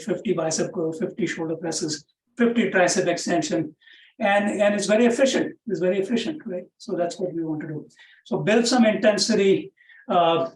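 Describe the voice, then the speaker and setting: A man's voice: high voice, a little mellow. A man leading a live workout class who counts reps aloud and breaks in with encouragement, chatting through his tips with frequent "right?" tags. He says he is South Asian. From South Asia. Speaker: fitness instructor. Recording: roomy echo, far from the mic.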